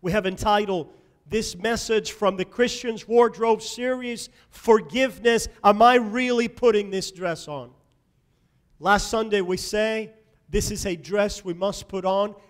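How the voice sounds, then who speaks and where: A man delivers a Sunday sermon from the pulpit, his voice sitting high for a man. He preaches emphatically, punching some phrases loudly and dropping others to a near murmur. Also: a little slow. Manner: emphatic preaching with sharp swings between loud and soft. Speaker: pastor. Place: church sanctuary.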